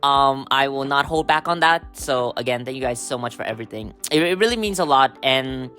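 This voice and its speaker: A man hosting a casual solo podcast, hoarse from a cold, rambling with lots of fillers and throat-clearing. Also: mid-range voice, fairly quick, bright, forceful tone, faint music behind. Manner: rambling, full of "you know" and "um", throat-clearing. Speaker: podcast host.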